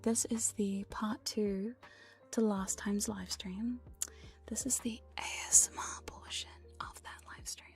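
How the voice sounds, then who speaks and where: A woman whispering softly through a whispered ASMR stream chat, her tone mellow and warm. She teases her listeners playfully and drops casual curses, close on a binaural mic with faint music behind. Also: medium pitch. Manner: playful, teasing, swears casually. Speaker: VTuber streamer. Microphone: binaural dummy-head microphone.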